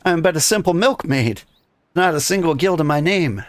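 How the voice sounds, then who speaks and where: A man voicing a timid young peasant milkmaid in a polite falsetto. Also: expressive, moderate pace, no echo, close to an everyday voice. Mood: meek.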